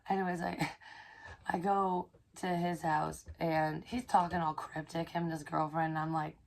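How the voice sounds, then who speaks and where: A woman psychic medium casually telling a personal story, excitable and profane, dropping into hushed asides. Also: low voice, measured pace, gravelly.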